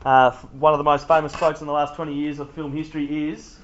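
A man's voice: on the high side, level tone, fast. A man preaching a sermon to a youth group, talking with the room in a conversational, jokey way. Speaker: youth pastor. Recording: dull lo-fi sound.

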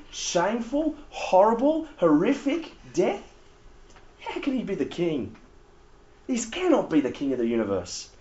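A man gives a casual, animated Bible talk to young people, often laughing. His voice sits high and swoops widely. The recording is roomy and slightly dull. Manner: animated, laughing, conversational preaching. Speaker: youth leader.

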